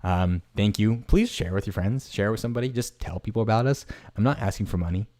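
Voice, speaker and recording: A man hosting a casual solo podcast, rambling and halting with many restarts and fillers, laughing at himself when he loses a word. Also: fairly low pitch, a little mellow. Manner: self-deprecating, laughs at himself. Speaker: podcast host. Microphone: streamed podcast mic.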